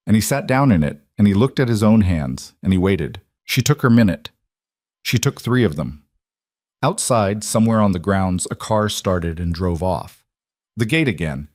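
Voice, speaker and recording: A man narrating a story in a steady, unhurried way. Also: fairly low pitch, no echo, clean studio sound. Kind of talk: scripted narration.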